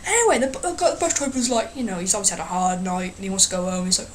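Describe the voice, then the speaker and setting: A woman's voice: medium pitch, expressive, quick pace, hardly any pauses, slight background noise. A woman ranting in a casual vlog, telling rambling, sarcastic, sweary stories. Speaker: vlogger.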